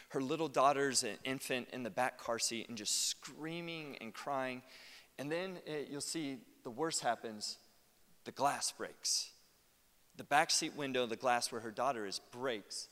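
An American man preaching a conversational sermon, animated and chatty, with asides to the congregation. His voice sits at an ordinary middle pitch. The sound carries a long reverb from a church sanctuary. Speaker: pastor.

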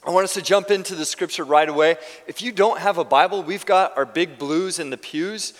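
A man's voice: high voice, brisk, long reverb tail. A male pastor giving a conversational sermon in a church, often restarting his sentences. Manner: conversational preaching with frequent restarts. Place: church sanctuary.

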